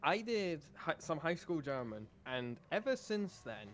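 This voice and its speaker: A man's voice: on the high side, big pitch swings, a little slow, a bit bright, a little hiss or hum. A man co-hosting a charity stream, talking playfully and casually. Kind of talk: casual chat.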